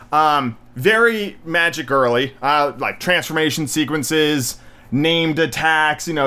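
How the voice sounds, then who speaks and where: A man's voice: a little high, sharp tone. A young man hosting a casual solo podcast, reviewing movies in a blunt, rambling way with lots of fillers, a little out of breath. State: slightly out of breath.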